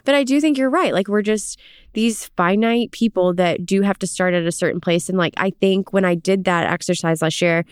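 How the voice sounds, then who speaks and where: A woman's voice: medium pitch, normal speed, clear, resonant tone, no room sound, studio quality. A woman co-hosting a casual faith podcast, chatting with many fillers, reading scripture aloud and explaining it. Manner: chatty, many "like" fillers, animated when retelling. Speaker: podcast co-host.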